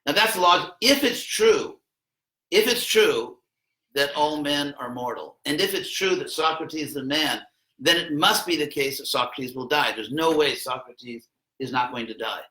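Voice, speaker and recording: Male teacher, bright and energetic, conversational lecture to students in an echoey classroom. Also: fairly high pitch, normal speed. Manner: conversational, jokey asides, acts out quotes with a raised voice. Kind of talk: informal philosophy lesson to students.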